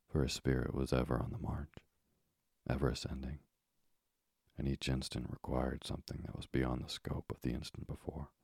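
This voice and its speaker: Deep whispering male sleep-story narrator. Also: darkish tone, no room sound, studio quality. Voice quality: breathy whisper. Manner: slow, soothing bedtime reading. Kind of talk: whispered role-play.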